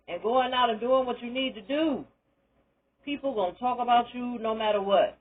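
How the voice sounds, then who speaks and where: A woman's voice: a little high, normal speed, slightly rough, narrow, tinny audio. An older woman, a retired teacher, telling her own story in a candid, emphatic monologue that encourages listeners. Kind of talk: personal testimony monologue.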